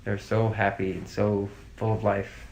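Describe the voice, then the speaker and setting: Here the victim's brother speaks unhurriedly as an interview guest, his gravelly, darkish, lowish voice staying flat. He recalls family memories in a loose, emotional, casual way, full of fillers and restarts, over a little hiss or hum.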